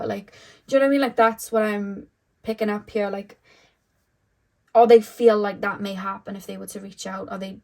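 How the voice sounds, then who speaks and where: A woman's voice: mid-range voice, fairly even intonation, normal speed, creaky, darkish tone, poor audio. A young woman doing a casual tarot reading, chatty, with many fillers. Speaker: tarot reader.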